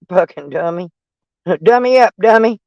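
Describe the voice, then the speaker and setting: A woman's voice: on the high side, vocal fry, darkish tone, dry recording, dull audio. A middle-aged woman chatting casually on a live stream, mocking and sarcastic toward trolls in her chat. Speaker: van life streamer.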